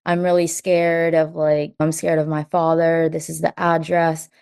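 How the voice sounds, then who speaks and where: Young adult woman, low-ish pitch, chatty with constant "like", re-enacts quotes. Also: measured pace, clean tone. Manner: says "like" constantly, quotes herself and others in lively bursts. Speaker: guest. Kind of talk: personal story in an interview.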